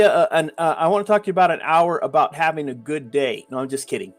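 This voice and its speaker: A man's voice: on the high side, fast, few pauses, soft background music. A man hosting a live stream, ranting emphatically with repeated phrases and joking banter with chat. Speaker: livestream host. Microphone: webcam framed at the beard.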